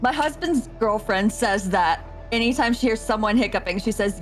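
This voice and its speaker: A woman's voice: medium pitch, animated, normal speed, soft background music, low-quality recording. A woman playing in an online tabletop game, answering in a dry, matter-of-fact way. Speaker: player. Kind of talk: casual chat over a tabletop game.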